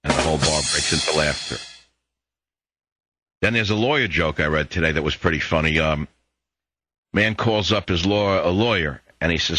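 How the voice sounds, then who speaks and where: A man's voice: deep voice, brisk, sharp tone, dry recording. An older man hosting a political talk radio show, lecturing listeners in a combative monologue and telling jokes.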